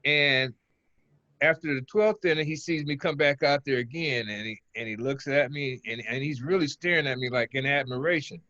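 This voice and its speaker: A man's voice: medium pitch, moderate pace, highs cut off. Older man telling baseball stories. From Oakland, California. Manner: relaxed, rambling, chuckles between stories. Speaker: interview guest, former pitcher. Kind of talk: casual interview storytelling.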